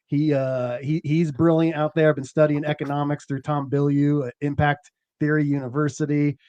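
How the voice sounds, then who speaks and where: Rambling man, a bit high-voiced. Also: level tone, a little mellow, smooth, dry recording, lo-fi sound. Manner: rambling, self-deprecating, halting restarts. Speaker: podcast host. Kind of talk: casual chat.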